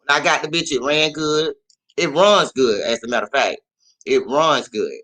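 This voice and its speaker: Man, casual vlog storytelling, profane, repeats himself, fairly high voice. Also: normal speed, rough recording. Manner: animated, profane, repeats phrases. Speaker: vlogger.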